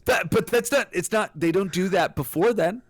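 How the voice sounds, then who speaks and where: A man's voice: high voice, normal speed, no room sound. A man streaming a text adventure with a friend, reading the game text aloud and ranting jokingly between turns. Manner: reads game text aloud, jokey rants. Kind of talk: casual co-op gaming chat.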